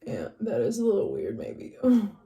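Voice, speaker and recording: A young woman from West Virginia with a mild northern West Virginia accent, chatting casually as she gets ready, rambling and often trailing off quietly. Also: mid-range voice, huge pitch swings, normal speed, vocal fry. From West Virginia, USA. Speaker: vlogger. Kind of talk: casual get-ready-with-me chat.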